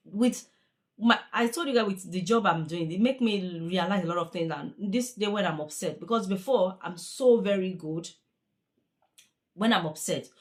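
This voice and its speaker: A young woman, a care worker talking in a chatty, earnest, repetitive way in a casual vlog. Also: medium pitch. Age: young adult.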